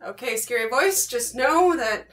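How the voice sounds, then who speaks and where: A woman's voice: on the high side, lively intonation, measured pace. A woman acting a wry, nervous housewife who talks to herself in a comedy drama. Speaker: actor playing a housewife. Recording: echoey room from far off, loud noise.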